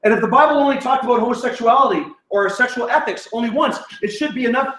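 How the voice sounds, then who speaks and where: A man's voice: extremely high pitch, fast, a bit bright, a little hiss or hum. Give me a man preaching with self-deprecating humor, recorded from a distance in an echoey hall. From Canada. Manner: self-deprecating, laughs at his own story. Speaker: guest speaker. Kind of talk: sermon storytelling. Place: church auditorium.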